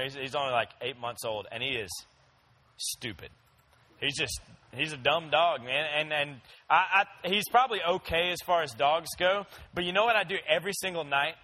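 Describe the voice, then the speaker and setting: A man's voice: a little high, moderate pace, sharp tone, poor audio. A young man preaching a sermon in a conversational, storytelling way, talking straight to his listeners. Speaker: pastor.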